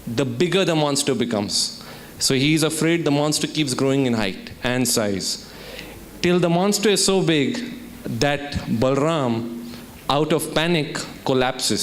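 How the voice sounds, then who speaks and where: This keynote speaker, an Indian man at a student summit, tells a story and quizzes his audience as part of a motivational talk in a lecture hall. His pitch is medium, and a little hiss or hum runs through the recording.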